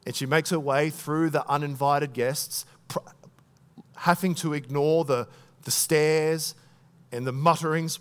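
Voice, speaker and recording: A man preaching a sermon, retelling a story with lively voiced thoughts and dropping soft at the moving parts. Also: fairly high pitch, unhurried, pauses often.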